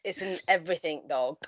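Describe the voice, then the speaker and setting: A woman hosting a casual chat, asking encouraging questions and laughing often. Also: fairly low pitch. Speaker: host.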